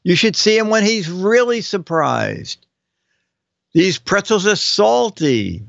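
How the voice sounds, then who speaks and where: Older man, high voice, reading captions slowly. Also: animated, creaky, a bit bright, no echo, highs cut off. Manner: reads joke captions aloud with chuckles. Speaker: show host reading viewer captions. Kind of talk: casual comedic live-stream chat.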